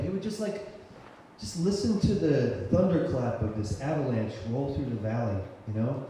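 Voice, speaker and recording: A man telling a personal story live on stage, conversational and full of fillers and restarts, bursting into loud shouts when he voices his own thoughts. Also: medium pitch, animated, normal speed. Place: cultural center stage before an audience. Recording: very echoey hall, faint noise.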